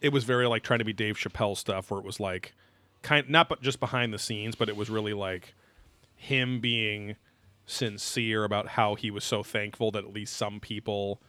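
A man's voice: lowish voice, fairly even intonation, normal speed, pushed and bright, no echo. A man co-hosting a podcast, chatting casually and crudely, joking and laughing often. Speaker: podcast co-host. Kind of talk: casual comedic chat.

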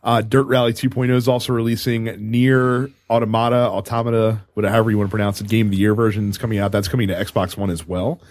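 A man's voice: lowish voice, little pitch movement, fast, few pauses, darkish tone, no echo. A man hosting a casual gaming podcast, running through news items conversationally with fillers. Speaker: podcast host.

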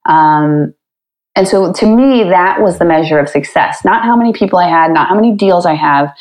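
A woman guest on a podcast telling her story in a candid, chatty way, with quick asides and frequent laughter. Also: fairly low pitch, darkish tone, poor audio. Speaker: podcast guest, real estate investor.

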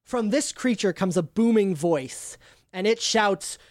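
A woman's voice: medium pitch, animated, a little slow, darkish tone, no room sound, clean studio sound. A woman game master describing scenes for a tabletop game, with frequent ums.

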